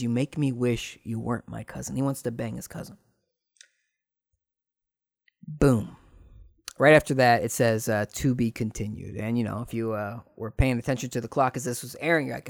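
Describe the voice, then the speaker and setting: A man hosting a solo podcast, casually recapping an old TV episode with rambling asides and animated retelling. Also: mid-range voice, normal speed, creaky, no room sound, studio quality. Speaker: podcast host.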